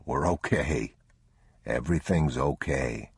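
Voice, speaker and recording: A man voicing a weary, protective father who reassures his son in quiet, terse phrases. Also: rumbling low, slow pace, vocal fry, slightly rough, dry recording, studio quality, pitched below the performer's own voice, exaggerated voice. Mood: reassuring.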